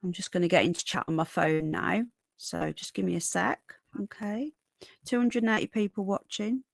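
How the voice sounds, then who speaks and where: A woman's voice: fairly low pitch, fairly even intonation, normal speed, vocal fry, no room sound, clean studio sound. A woman with a Northern English accent hosting a casual livestream, tired, greeting viewers by name and calling them darling. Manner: greets viewers by name while reading chat; calls viewers darling and sweetheart. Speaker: livestream host.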